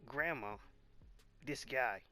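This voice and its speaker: A man's voice: medium pitch, takes it slowly, pushed and bright, faint music behind. A man casually narrating a boxing anime as he watches, stammering and restarting as he reads along. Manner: stammering, restarting, reading subtitles aloud. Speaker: video host reacting to a boxing anime.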